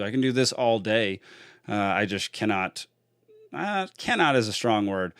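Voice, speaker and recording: A man hosts a casual solo podcast, talking in a loose, rambling way. His voice sits a little low and comes across smooth and clear. The sound is dry and close, with no room echo. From Texas. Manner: chatty and rambling, with many fillers and restarts. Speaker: podcast host.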